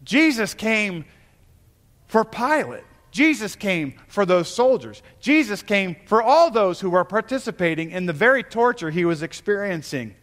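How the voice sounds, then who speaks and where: A man preaches a sermon to his congregation in a fairly high voice, earnest and emphatic. He pauses and restarts as he builds each point. The sound rings out with the long reverb of a church hall. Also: animated, fairly bright tone. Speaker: pastor. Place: church sanctuary.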